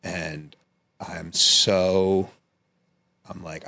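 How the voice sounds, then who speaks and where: A man with a very low voice chats as a podcast guest. He rambles through a personal story in a casual, animated way and swears freely. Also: slow, creaky.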